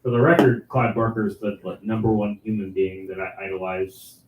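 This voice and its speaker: Co-host guy, lower voice, gushing fan chat, far from the mic with faint hiss. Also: flat delivery, fairly quick, phone-quality sound. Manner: eager fan talk, repeats "for the record". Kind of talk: casual chat. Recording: echoey room, distant mic, faint hiss.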